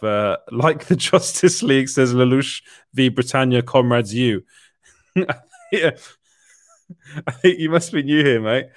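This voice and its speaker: A young man hosts a casual livestream, reading out chat messages in an easygoing, rambling way that is broken by frequent laughs and fillers. His voice sits at an ordinary pitch. It is captured on a close, dry microphone with no room sound. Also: no room sound. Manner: chatty, laughs often, filler-heavy. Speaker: livestream host. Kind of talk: casual live chat, reading viewer comments.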